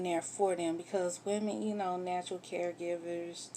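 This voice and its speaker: A woman's voice: fairly low pitch, steady tone, normal speed, few pauses, warm tone. A woman candidly telling a personal story in a vlog, getting emotional and swearing when upset. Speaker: vlogger telling her own story.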